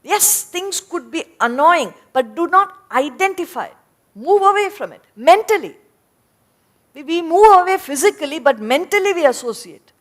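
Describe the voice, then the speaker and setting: A woman giving a lecture on scripture, explaining ideas point by point in a deliberate way. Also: very high-pitched, animated. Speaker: spiritual teacher. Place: lecture hall before an audience.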